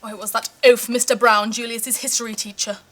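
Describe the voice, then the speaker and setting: A woman's voice: level tone, fairly quick, a bit bright, a little hiss or hum, natural voice. A woman playing a pompous, melodramatic middle-class mother complaining at school in a student comedy drama. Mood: indignant. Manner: haughty, melodramatic, escalates into shrill outrage. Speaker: parent.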